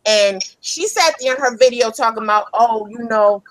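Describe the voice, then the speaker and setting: Furious profane woman ranting, high voice. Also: normal speed, no echo, poor audio. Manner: angry, profane, emphatic, repeats herself. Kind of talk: heated ranting.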